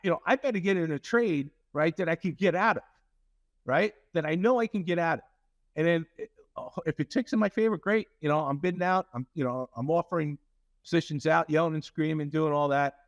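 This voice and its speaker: A man's voice: on the high side, fairly quick, no echo, muffled recording. A man, a company CEO, telling a story in an interview with many fillers and restarts, acting out quoted lines.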